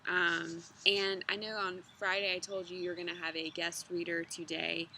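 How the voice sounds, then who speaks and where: Woman storybook reader, thirties, chatty, lowish voice, outdoors, faint background noise. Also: moderate pace. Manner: relaxed, chatty with fillers between reading. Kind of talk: reading a children's book aloud. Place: outdoors in a yard with dogs.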